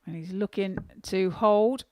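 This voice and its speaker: A woman's voice: medium pitch, unhurried, a little mellow. A woman co-commentating on darts with friendly, teasing analysis of each leg. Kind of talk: sports commentary.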